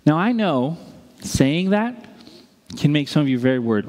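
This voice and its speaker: Man, pastor, fairly high voice, joking, animated sermon, long church hall reverb. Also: normal speed, pauses often. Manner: animated, joking asides and acted-out quotes. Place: church sanctuary.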